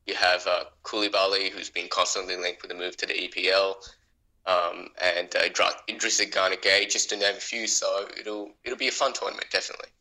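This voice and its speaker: Man, co-host, very deep voice, sharp bright tone, hesitant casual talk. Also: level tone, brisk, rough recording. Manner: hesitant, with frequent ums and uhs. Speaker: podcast co-host. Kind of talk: casual sports podcast analysis.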